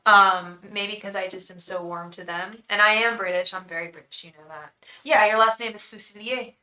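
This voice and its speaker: A woman's voice: mid-range voice, fairly even intonation, normal speed, sharp tone, low-quality recording. A young woman hosting a live tarot reading, chatting effusively with viewers and thanking them by name.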